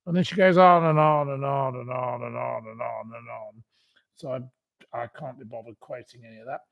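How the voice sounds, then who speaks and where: A man's voice: medium pitch, steady tone, moderate pace, gravelly. A man hosting a live stream, rambling and scornfully insulting the people he talks about.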